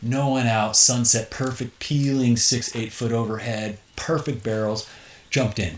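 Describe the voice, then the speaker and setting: A middle-aged man recounts his story as an interview guest, bringing scenes to life with gasps and sudden exclamations. His voice sits at an ordinary male pitch. The recording is roomy, with a faint hiss underneath. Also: steady tone, unhurried. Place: tipi. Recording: roomy echo, faint noise.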